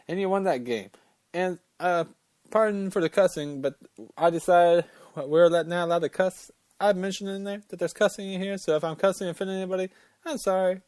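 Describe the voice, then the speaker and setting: High-voiced guy ranting on his sports talk show, opinionated and fired up, cusses a lot, dry close sound. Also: no room sound. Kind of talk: casual sports rant.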